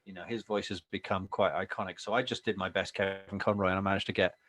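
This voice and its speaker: A man's voice: low-pitched, steady tone, fast talker, a bit bright. A man talking casually as a guest writer and voice performer over a video call, chatty and slipping into impressions. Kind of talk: casual conversation.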